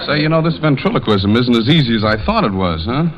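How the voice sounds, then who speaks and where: A man hosting a scripted radio comedy show, trading brisk, playful jokes. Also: medium pitch, lively intonation, lo-fi sound. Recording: hissy 1930s radio broadcast.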